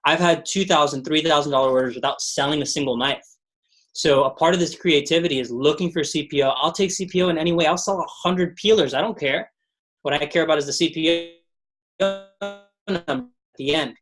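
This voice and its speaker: A man's voice: on the high side, a little fast. Upbeat man coaching a sales team. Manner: energetic storytelling with repeated mantras. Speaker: sales manager and trainer. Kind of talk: motivational sales training call.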